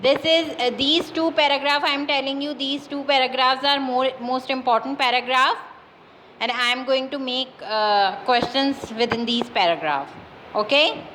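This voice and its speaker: A woman teacher with a Pakistani English accent giving a class lesson, dictating words slowly and repeating them with many fillers. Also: sits high, fairly bright tone, a little hiss or hum, rough recording. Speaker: school teacher.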